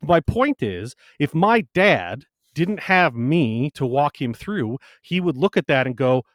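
A man's voice: medium pitch, sing-song, moderate pace, few pauses, no echo, clean studio sound. A man co-hosting a podcast in casual chat, emphatic and swearing freely. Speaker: podcast co-host.

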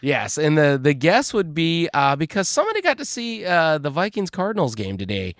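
A man's voice: fairly high pitch, big pitch swings, moderate pace, a bit bright, no echo, clean studio sound. A man from Minnesota co-hosting a casual tech podcast, jokey and playfully dramatic, with lots of filler words. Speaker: podcast co-host.

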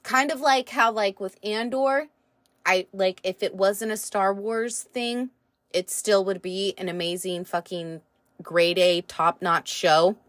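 Woman podcasting solo, slow drawn-out rambling, lots of ums, gets excited and swears, dry close mic. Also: mid-range voice, no echo. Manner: rambling, excitable, swears casually, laughs often; slow, drawn-out delivery with many fillers. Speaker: podcast host. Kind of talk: casual solo podcast review.

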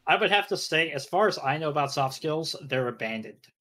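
Male co-host, sharp bright tone, deadpan teasing humor. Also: on the high side, brisk. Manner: dry teasing jokes. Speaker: co-host on a stream. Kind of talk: casual livestream chat.

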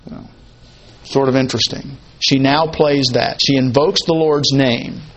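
A man teaching a Bible passage in a conversational way, slowing down to quote and stress words of the text. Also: medium pitch, steady tone, fairly bright tone. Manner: conversational, explains Hebrew word order, quotes text slowly with emphasis.

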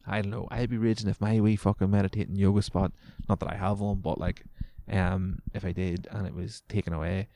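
A man's voice: low voice, flat delivery, brisk, vocal fry, mellow, a little hiss or hum. A young man, a podcast host ranting casually and sarcastically, swearing as he reads news items aloud.

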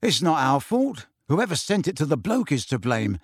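Man doing blunt teenage wizard boy, grumbly, lively up and down, storybook reading. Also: on the high side, normal speed, husky, dry recording, clean studio sound. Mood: indignant.

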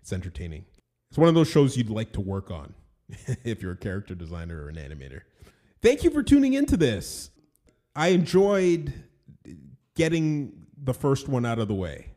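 A man's voice: medium pitch, wildly swooping pitch, moderate pace, dark tone. A man hosting his own podcast in a casual, rambling monologue, often laughing at himself. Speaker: podcast host and animation studio owner.

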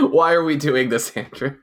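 A young man co-hosting a casual podcast, talking at an unhurried, drawn-out pace. His pitch swings lively up and down as he jokes. He laughs often. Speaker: podcast co-host.

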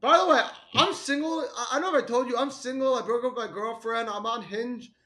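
High-voiced man rambling in crude banter. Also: sharp tone. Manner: rambling, halting restarts, laughs at own jokes. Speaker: podcast co-host. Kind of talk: casual crude comedic chat.

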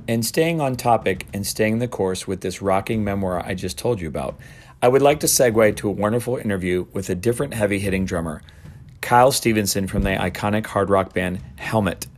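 A man's voice: lowish voice, brisk, a little hiss or hum. A middle-aged man hosting a show, telling a story casually and acting out quotes in raised voices. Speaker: podcast host.

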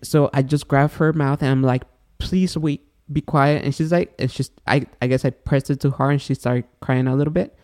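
Animated man telling stories on a podcast. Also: mid-range voice, a little fast, few pauses. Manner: animated storyteller, acts out voices. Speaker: podcast co-host. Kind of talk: casual chat.

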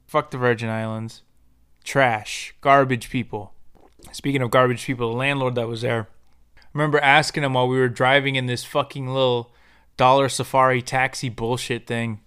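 A man's voice: mid-range voice, normal speed, clean tone. A young American man hosting a podcast, telling a personal story in a candid, profane and slangy way. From United States. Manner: profane, slangy, animated when quoting others. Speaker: podcast host.

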